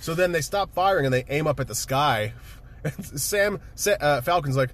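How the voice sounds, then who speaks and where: A man with a slightly raised voice recounts scenes in a loose, excited chat. He swears constantly, laughs between lines and piles up restarts as he goes. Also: a little high, moderate pace. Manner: excitable, profane, laughs often. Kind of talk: casual chat, movie recap.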